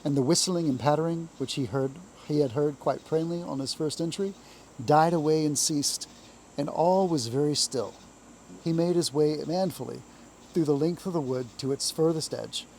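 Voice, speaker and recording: A man reading a classic children's story aloud in a calm, measured storytelling voice. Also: a little high, a little hiss or hum, low-quality recording.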